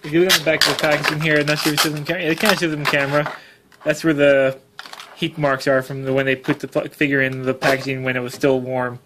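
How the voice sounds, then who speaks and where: Fast-talking man, dry quips, noisy room. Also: a little high, flat delivery. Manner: dry, nitpicking remarks. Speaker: co-host. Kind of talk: casual unboxing chat. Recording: loud background noise.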